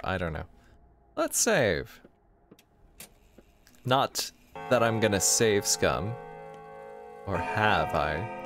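A let's play gamer with a lowish, fairly bright voice gives casual, rambling commentary while playing a video game. He makes self-deprecating asides and reads the game's dialogue aloud in his own voice.

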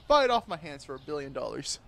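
A gaming YouTuber with a high voice and vocal fry offers crude, joking gameplay commentary over a noisy background. He trash-talks the on-screen characters and laughs a lot.

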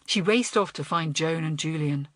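A woman narrating a children's audiobook in an expressive, lively way. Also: low-pitched, normal speed, dry recording, clean studio sound. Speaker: audiobook reader. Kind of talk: storybook narration.

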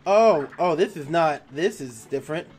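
A man commenting on a video game as he plays, excitable and swearing, laughing at his own fails. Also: a little high, moderate pace, soft background music. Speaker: gaming YouTuber. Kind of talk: let's play commentary.

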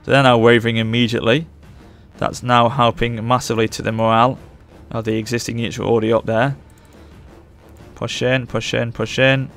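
A man commentating live on his strategy game as he plays, urging his units on and reacting loudly to the battle. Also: medium pitch, brisk, vocal fry, soft background music. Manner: urgent, excitable, barks orders at units. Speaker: gaming channel host.

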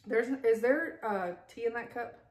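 A woman's voice: fairly high pitch, normal speed, a little mellow. Chatty woman in an echoey room. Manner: chatty, self-interrupting, frequent asides and laughs. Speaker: vlogger. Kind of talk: casual unboxing chat. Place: home kitchen table with pets around.

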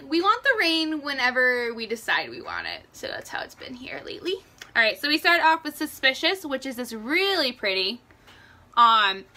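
A woman's voice: on the high side, pushed and bright. A young woman hosting a casual live makeup tutorial at home, chatty and rambling, greeting viewers by name as she works. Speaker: makeup livestream host. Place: at home indoors.

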